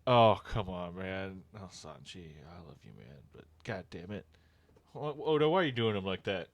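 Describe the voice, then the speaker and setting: A man's voice: low voice, animated, moderate pace, no echo. A man streaming live, reading panels aloud and reacting in loose, profane, casual commentary.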